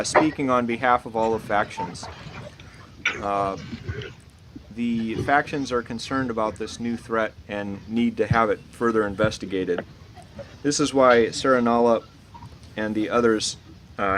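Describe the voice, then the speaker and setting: A man narrating a tabletop role-playing game as dungeon master, pausing often with uh and restarts. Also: on the low side. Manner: hesitant, many uh fillers, laughs at odd names. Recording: noisy online voice chat.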